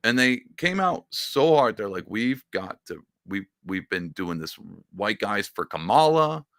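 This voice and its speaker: A man's voice: on the low side, big pitch swings, measured pace, fairly bright tone, dry recording, clean studio sound. A man hosting a casual reaction commentary, talking in a sarcastic, mocking and rambling way. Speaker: political commentary host.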